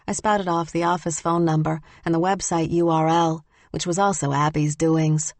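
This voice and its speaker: A woman narrating a first-person audiobook in measured, lightly wry storytelling. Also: low voice, level tone, dry recording.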